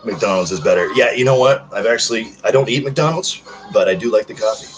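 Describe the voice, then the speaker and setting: Rambly thirtysomething guy livestreaming, lowish voice that swings up and down a lot, faint music behind. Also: animated, fairly quick, low-quality recording. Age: 30s. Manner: chatty, rambling, self-joking. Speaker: livestream host. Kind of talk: casual livestream chat reading comments.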